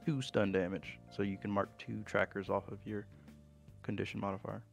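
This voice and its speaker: A young man acts as game master, walking players through rules in a low, gravelly voice. His delivery stays flat and even, with casual fillers. Faint music plays underneath. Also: moderate pace. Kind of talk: running a tabletop game online.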